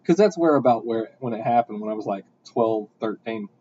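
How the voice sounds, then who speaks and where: A young man telling a rambling story in casual podcast chat, with animated bursts. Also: on the low side, a little fast, husky. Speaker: podcast host. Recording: dull lo-fi sound.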